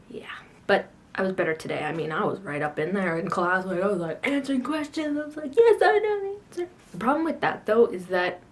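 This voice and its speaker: Chatting to camera in a laid-back video blog, this teen girl pokes fun at herself with plenty of sass, wandering through the events of her day between frequent laughs. She speaks in a lowish voice, with slight background noise in the clip.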